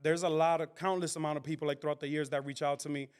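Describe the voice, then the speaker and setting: A man's voice: fairly high pitch, fairly even intonation, very fast, clean tone. A Spanish-speaking man from the Dominican Republic with a Dominican accent, a comedian talking animatedly in a casual podcast interview, switching between English and Spanish. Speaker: comedian guest.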